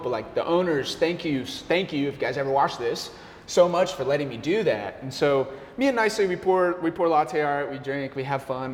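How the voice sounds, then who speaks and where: A young man tells a lively, rambling story in a casual interview, laughing as he talks and peppering it with "like" and "bro." His voice sits a little high, and the room adds a long, echoey reverb over faint background noise. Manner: animated, laughing, full of "like" and "bro". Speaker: guest, café owner and barista.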